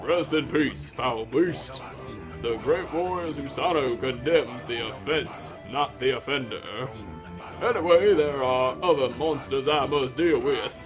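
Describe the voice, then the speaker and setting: A man's voice: medium pitch, a little slow, over music, natural voice. A man voicing a pompous, boastful old male warrior with grand, theatrical delivery while reading game dialogue aloud.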